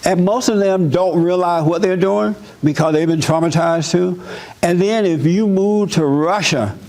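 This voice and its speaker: A man preaching an informal sermon, talking with his congregation and acting out others' voices. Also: measured pace. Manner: animated, acts out mother in a high voice.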